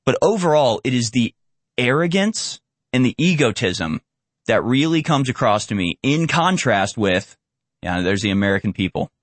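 A man hosting a casual political commentary over video clips, talking in an animated way and mockingly acting out the voices he quotes. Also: mid-range voice, moderate pace, dry recording. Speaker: commentary show host.

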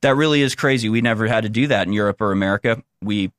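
A man's voice: on the low side, quick pace, fairly bright tone, no echo, studio quality. A young man giving an unscripted, rambling commentary monologue, restarting sentences often and mocking the views he quotes in a sarcastic tone. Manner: rambling with many restarts and fillers. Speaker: political commentator.

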